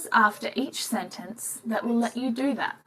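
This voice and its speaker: A woman reading a recorded English listening passage in an even, scripted way. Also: on the high side, normal speed, husky, rough recording.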